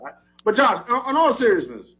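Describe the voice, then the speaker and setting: A man co-hosting a show, teasing in casual banter, with his voice jumping up when he gets excited. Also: a little fast. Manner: animated, teasing, jumps up in pitch when excited. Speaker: co-host.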